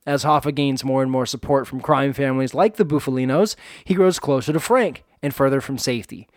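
Man, fairly high voice, dry close sound, jokey movie recap reader. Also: no room sound. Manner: reads plot summaries, jokey asides. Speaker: podcast co-host. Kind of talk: casual movie review chat.

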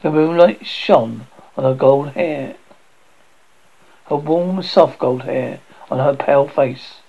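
A man with a gravelly, husky voice giving a theatrical reading of a classic horror story, stumbling and restarting now and then. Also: on the high side, slow, long pauses, lo-fi sound.

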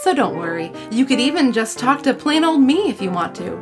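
A woman voicing a warm, friendly female guidance counselor in a gentle, sympathetic tone. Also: high-pitched, very animated, brisk, over music, voice pushed up. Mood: reassuring.

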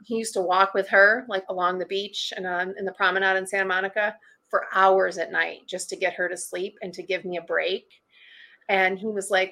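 A woman with a bright, forceful voice tells a candid personal story as a podcast guest. She is chatty, fills her talk with "like", and acts out what she thought back then. Her pitch sits in the middle of the usual range. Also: brisk. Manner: chatty, heavy use of "like", acts out past thoughts.

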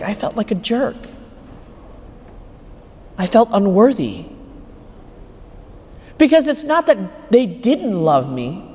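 A man with a high voice preaches a homily. He drives his points home with rhetorical questions, and his voice rings with the long reverb of a large church. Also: darkish tone, breathy edge. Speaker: homilist at Mass. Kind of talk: sermon. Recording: echoey church hall.

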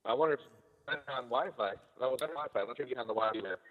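A man calling in as a guest on a casual podcast chat, relaxed and easygoing. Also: medium pitch, fast, big-room sound, phone-quality sound.

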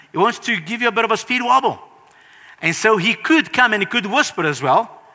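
A man preaching a sermon with a high, bright, penetrating voice. He talks earnestly and emphatically, and his voice often rises sharply. The sound rings on in a large reverberant hall.

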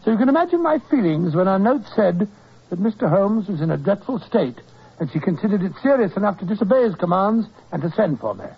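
An actor playing a brisk, proper doctor who narrates and comforts others, in 1940s radio acting. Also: male voice, high-pitched, sing-song, husky, exaggerated voice. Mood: narrating. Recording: dull old radio broadcast.

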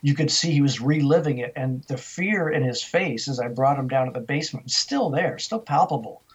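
A middle-aged man, an interview guest, telling a story in animated style and acting out the dialogue he quotes. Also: mid-range voice, fairly quick, slightly rough. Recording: dull, lo-fi sound.

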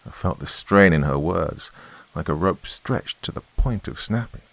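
Male horror narrator, deep gravelly voice, lively tense delivery, dry close mic. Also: no echo. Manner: expressive, tense storytelling with dramatic pauses. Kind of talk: first-person horror story narration.

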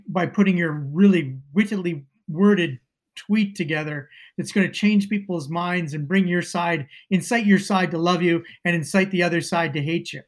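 Blunt, high-voiced Canadian man. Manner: blunt, emphatic. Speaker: political commentator. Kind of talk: casual podcast debate.

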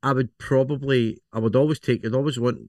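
A man's voice: mid-range voice, fairly even intonation, brisk, darkish tone, no echo, clean studio sound. A man co-hosting a podcast, easygoing and agreeable in casual chat. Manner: easygoing, agreeable, many short backchannels. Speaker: podcast co-host.

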